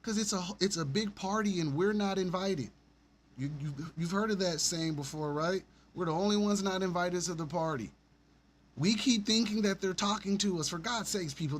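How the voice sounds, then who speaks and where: Male podcast host, mid-high voice, rambling profane commentary, home setup with faint background noise. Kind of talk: ranting solo commentary.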